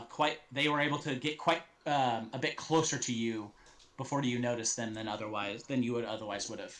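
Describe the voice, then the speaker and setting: Slow, bright-voiced male game master. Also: mid-range voice. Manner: halting, full of ums and restarts. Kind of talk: narrating a tabletop game.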